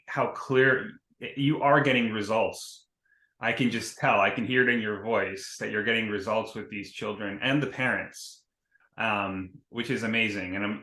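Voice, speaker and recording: A man hosting an interview, effusively praising his guest with halting restarts. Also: lowish voice, fairly bright tone. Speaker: interview host. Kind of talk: conversational interview. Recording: roomy echo.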